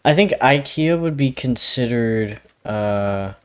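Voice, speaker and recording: A man's voice: mid-range voice, expressive, slow. A man co-hosting a podcast in casual chat, rambling with frequent laughs and casual swearing. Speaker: podcast co-host.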